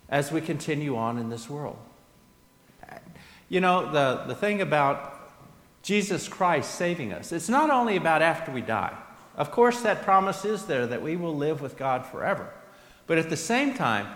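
A man preaching a sermon in a church, earnest, with a lively voice that climbs on questions and settles low at the close of each thought. His voice rings through a roomy hall with a long trailing reverb. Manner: earnest, rising questions and soft endings. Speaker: pastor. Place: church sanctuary.

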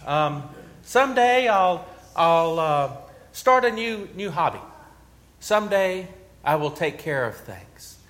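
Storytelling male pastor, slightly high voice. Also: animated, takes it slowly, a bit bright. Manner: storytelling with rising emphasis and small restarts. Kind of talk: sermon.

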